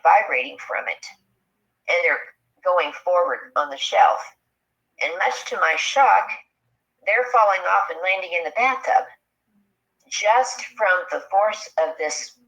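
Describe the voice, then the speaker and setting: A woman telling a personal encounter story in a halting, earnest way, full of fillers, on a dull lo-fi recording. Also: sits low, a bit bright. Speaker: eyewitness sharing an encounter.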